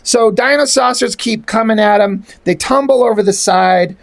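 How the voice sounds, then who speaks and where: A man's voice: sits high, normal speed, vocal fry. A man reading through a comic aloud and mocking it with sarcastic, rambling, profane asides. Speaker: comic reviewer.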